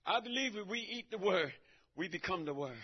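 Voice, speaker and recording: A man preaching a fiery sermon who swings from shouting to a low mutter and laughs between lines. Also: expressive, a little fast, slightly rough, dull audio.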